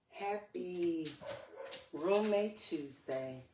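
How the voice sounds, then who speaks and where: A woman's voice: extremely low pitch, slow, a little mellow, slight background noise. A woman hosting a live podcast stream, greeting viewers by name in an upbeat, chatty way. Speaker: podcast host. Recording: roomy echo, voice far from the mic.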